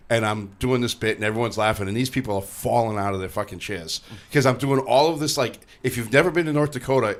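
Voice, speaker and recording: A man in casual podcast chat, telling stories and dropping into put-on voices for the people he quotes. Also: on the low side. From northeastern United States. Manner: storytelling with put-on voices, profane. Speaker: podcast co-host.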